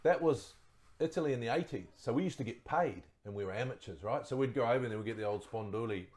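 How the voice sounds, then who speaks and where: A middle-aged man, a guest telling relaxed stories in casual chat and laughing at his own yarns. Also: medium pitch, fast. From New Zealand. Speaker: guest, former rugby player.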